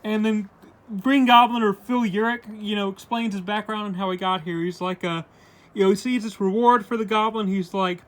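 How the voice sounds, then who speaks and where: Casual male comic reviewer, high-pitched, loose rambling delivery, quotes the characters in his normal voice. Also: fairly even intonation, normal speed, fairly bright tone. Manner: rambling retelling full of "like" and "uh"; paraphrases characters' lines in his own voice.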